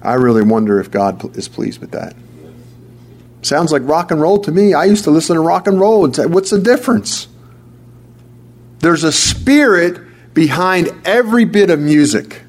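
A man's voice: a little high, big pitch swings, normal speed. A man preaching a sermon, emphatic and repetitive, often restarting his words. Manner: emphatic, repeats key phrases, stammering restarts.

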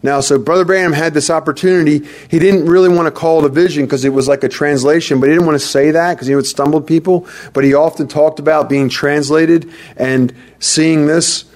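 A man's voice: a little high, fairly even intonation, fairly quick, few pauses, a little mellow. A man preaching a sermon in an earnest, conversational way, repeating himself for emphasis.

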